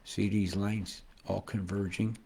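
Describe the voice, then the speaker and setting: Man, low gravelly voice; rambling conspiratorial vlogger pointing at a screen, swears freely. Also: little pitch movement, slow, mellow. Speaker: weather vlogger.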